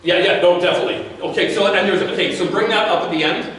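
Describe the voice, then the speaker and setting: A man speaks in a fairly high voice to a business audience at an event, in a loose, conversational way, often restarting and repeating words. He sounds distant from the microphone. The room is very echoey, with faint background noise. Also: fast talker, crowd noise. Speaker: guest speaker. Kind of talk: live talk to a business audience.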